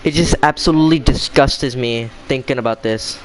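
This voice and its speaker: A man's voice: mid-range voice, moderate pace, background noise. A young man venting in a heated, swearing rant as a vlogger, repeating himself as he talks. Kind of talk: angry rant to camera.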